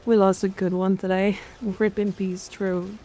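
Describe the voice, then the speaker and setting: A woman streamer chatting casually while gaming, crude and excitable, swearing freely. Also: medium pitch, unhurried, slight background noise.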